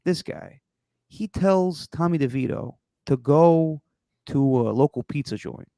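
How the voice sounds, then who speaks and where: Guy doing a gravelly italian-american new yorker bit, loud and hammy, dry close mic. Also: a little high, lively intonation, unhurried, dry recording. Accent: exaggerated Italian-American New York.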